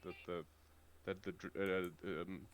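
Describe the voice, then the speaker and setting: A man's voice: low-pitched, level tone, measured pace, a little hiss or hum. A man chatting casually as a player at a tabletop game, stumbling over his words. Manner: stumbling and distracted. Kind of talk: casual chat.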